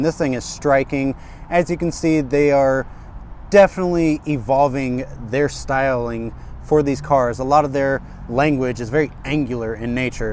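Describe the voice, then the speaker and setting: A man giving an energetic, chatty walkaround car review outdoors at a dealership, talking straight to his viewers. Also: mid-range voice, slight background noise.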